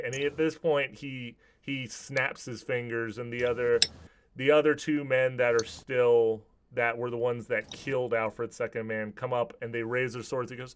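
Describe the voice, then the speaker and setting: A man's voice: mid-range voice, steady tone, normal speed, a little hiss or hum. A man narrating a tabletop game as game master, describing scenes vividly with some restarts.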